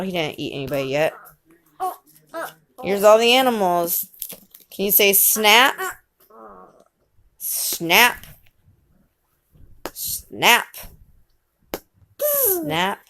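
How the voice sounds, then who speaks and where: Playful mom with a lively voice. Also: female voice, fairly low pitch. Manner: playful, coaxing, gently teasing. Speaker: mother. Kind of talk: reading a picture book with her young child.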